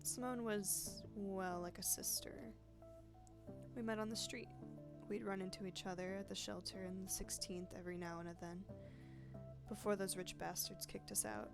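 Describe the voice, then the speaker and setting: A woman reading a gruff old street woman. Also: medium pitch, fairly even intonation, moderate pace, music in the background, natural voice. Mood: scornful. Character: street-worn older woman, blunt and proud. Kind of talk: reading game dialogue aloud.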